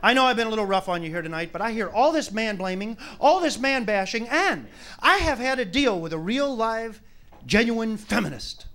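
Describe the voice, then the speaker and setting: Brash high-voiced stand-up comic. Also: male voice, expressive, moderate pace, bright, forceful tone. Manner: brash, crude, mocking. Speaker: stand-up comedian. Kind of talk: stand-up comedy routine. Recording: noisy live club recording.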